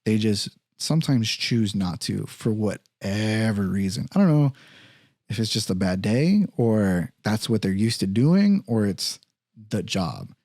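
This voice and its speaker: At a measured pace, a podcast host with a lowish voice tells an animated story in casual, profane language, acting out the voices of the people involved. The recording is clean studio sound with no room sound.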